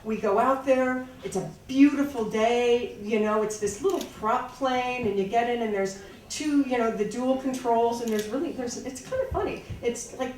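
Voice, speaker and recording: A woman telling a personal story live on stage, halting with restarts and wry, laughing asides. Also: a little high, a little mellow, slight background noise. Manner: halting, many restarts and fillers. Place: small live venue. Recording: echoey, far-off room mic.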